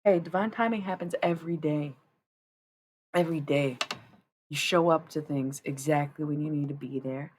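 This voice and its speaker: A woman's voice: low-pitched, normal speed, noisy background. A woman in her thirties chatting casually and profanely on a tarot livestream. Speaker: tarot-reading streamer.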